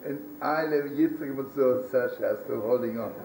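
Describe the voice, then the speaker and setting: A man's voice: medium pitch, normal speed, close to an everyday voice. A man voicing an old rabbi who pleads with God in anguish, in an echoey archival recording made from a distance. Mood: pleading. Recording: roomy archival recording from a distance, faint hiss.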